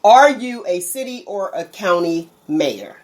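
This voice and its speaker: A woman's voice: mid-range voice, animated, a little slow, a little mellow. A woman hosting a talk show, asking questions in a playful, joking way. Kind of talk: casual chat.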